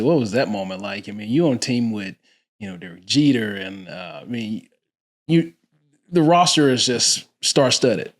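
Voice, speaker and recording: A man with a medium-pitched voice hosts a casual podcast. He asks long, rambling questions and often restarts his sentences. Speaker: podcast host.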